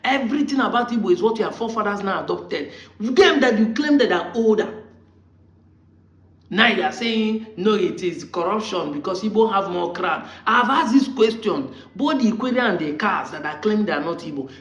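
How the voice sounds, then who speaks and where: A man's voice: high voice, expressive, normal speed, fairly bright tone. A man with a Nigerian accent giving a combative monologue, firing off rhetorical questions at his critics. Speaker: online commentator. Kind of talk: argumentative monologue. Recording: roomy, muffled lo-fi sound.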